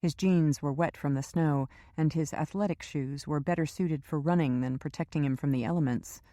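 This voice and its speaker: Low-pitched woman reading a thriller, steady and measured, dry booth sound. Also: no room sound. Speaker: audiobook narrator. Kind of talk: scripted narration.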